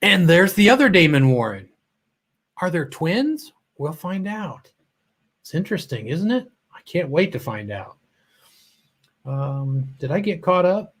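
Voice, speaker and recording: A man's voice: fairly high pitch, sing-song, measured pace, pauses often, a bit bright. A man hosting a casual live stream, greeting viewers by name, a little choked up and often trailing off mid-sentence. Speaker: livestream host.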